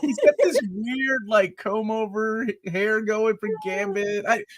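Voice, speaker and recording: Male co-host, animated, fairly high-pitched, dry recording. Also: a little slow, no echo. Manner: excitable, animated, laughs often. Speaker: podcast co-host. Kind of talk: casual movie review chat.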